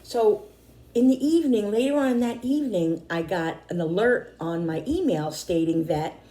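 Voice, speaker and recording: A middle-aged woman vlogger chatting casually to camera, rambling and repeating herself, slightly hoarse and tired. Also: mid-range voice, animated, moderate pace, mellow. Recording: echoey room.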